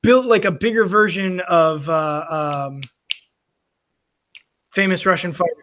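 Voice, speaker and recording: A man's voice: sits high, measured pace, fairly bright tone, a little hiss or hum. A man co-hosting a casual podcast, rambling through a story with lots of fillers and restarts. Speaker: podcast co-host. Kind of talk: casual chat over drinks.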